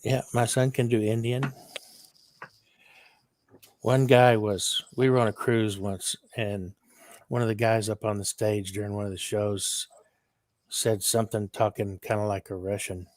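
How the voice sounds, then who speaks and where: A man in his sixties, a guest in a casual live chat, telling stories in a rambling way and clearing his throat often. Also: on the low side, level tone, unhurried, pauses often, a little mellow, dry recording. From Texas. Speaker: guest on a livestream.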